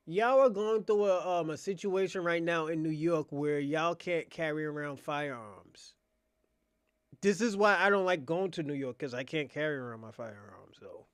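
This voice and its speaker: A man, hosting his own channel in a casual unscripted monologue, mocking and laughing, swinging between quiet mutters and loud outbursts. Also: fairly high pitch, clear, resonant tone, no room sound, studio quality.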